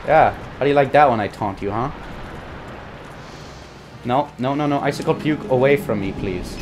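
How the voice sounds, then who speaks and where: A young man giving profane, frustrated commentary while playing a video game, muttering and then yelling. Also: mid-range voice, moderate pace, noisy background. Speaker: gaming YouTuber. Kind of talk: profane live gameplay commentary.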